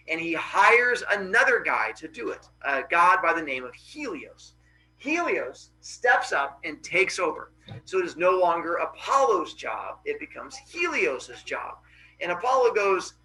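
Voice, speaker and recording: A man's voice: sits high, big pitch swings, a little slow, bright, forceful tone, slight background noise, poor audio. A male teacher in a classroom retelling a Greek myth in a casual, joking, slangy way and answering students.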